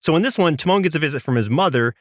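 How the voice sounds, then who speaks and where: A man's voice: on the high side, lively intonation, very fast, no echo, studio quality. A man co-hosting a cartoon podcast, recapping episodes in a thoughtful, casual way with some restarts. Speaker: podcast co-host. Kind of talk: casual chat about cartoons.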